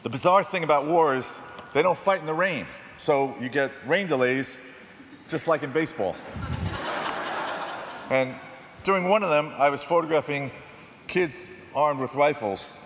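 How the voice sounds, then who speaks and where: Man telling stories in a large hall. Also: a little high. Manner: self-deprecating, animated storyteller. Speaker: photojournalist speaker. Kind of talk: storytelling talk on stage. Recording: distant reverberant hall, faint noise.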